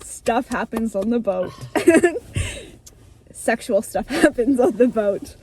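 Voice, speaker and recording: A young woman in casual storytelling to a friend, animated and breezy, swearing freely and acting out lines. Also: a little high, takes it slowly, noisy background. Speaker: vlogger retelling her childhood story.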